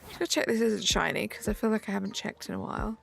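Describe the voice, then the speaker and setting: This British woman in her thirties runs a gaming livestream, chatting and reading chat in a relaxed, rambling manner packed with "like" fillers. Her mid-range voice is gravelly and quick. Soft music can be heard behind her.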